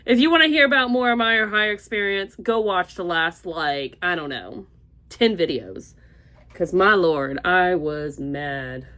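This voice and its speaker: Speaking at a measured pace in a voice on the low side, a young Florida woman talks her way through a makeup tutorial as a beauty vlogger. Her chatter is animated, rambling and full of exclamations, softening into murmurs as she works on her makeup.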